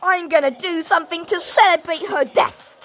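A woman giving goofy, excitable gameplay commentary, shouting now and then, with a sore throat. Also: very high-pitched, moderate pace, over music. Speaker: gaming video creator.

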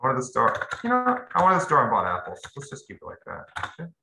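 A man's voice: mid-range voice, wildly swooping pitch, quick pace, creaky, bright, forceful tone. A young man teaching a casual grammar lesson, loose and conversational, talking straight to his students. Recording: roomy echo, faint noise.

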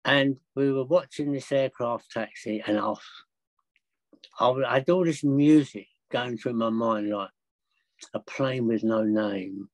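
An older man telling travel stories as a podcast guest, chatty and excitable, with frequent laughs. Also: medium pitch, measured pace, no room sound, rough recording. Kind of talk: anecdotal storytelling.

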